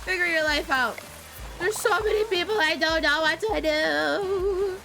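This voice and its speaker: A woman's voice: very high voice, unhurried, gravelly. A woman streaming a game, chatting casually in a chaotic, playful way with lots of stammered restarts. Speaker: VTuber streamer. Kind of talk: casual gameplay commentary. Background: game music.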